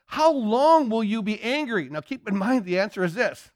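High-voiced emphatic preacher man. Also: sing-song, moderate pace, no echo, clean studio sound. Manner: emphatic call-and-response questioning, repeats himself. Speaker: pastor. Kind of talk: sermon.

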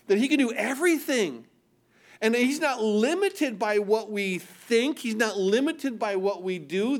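A man pastor preaching a sermon, asking rhetorical questions and acting out quoted voices. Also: high voice.

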